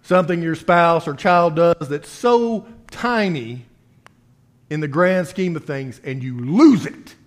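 A man with a slightly higher voice delivers a sermon to his congregation. He speaks conversationally, firing off rhetorical questions at his listeners. His voice swings between quiet, low asides and raised, emphatic points. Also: lively intonation, takes it slowly. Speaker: preacher.

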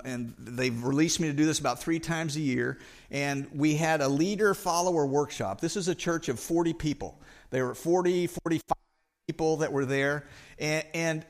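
Casting: middle-aged male pastor mid-sermon, earnest delivery, slightly raised pitch, halting restarts. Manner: earnest, repeats words when restarting.

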